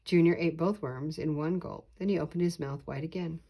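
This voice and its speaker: An older woman, a grandmother, reading a children's picture book aloud slowly and expressively. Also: low-pitched, gravelly, background noise. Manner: slow, deliberate, expressive reading. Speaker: storyteller.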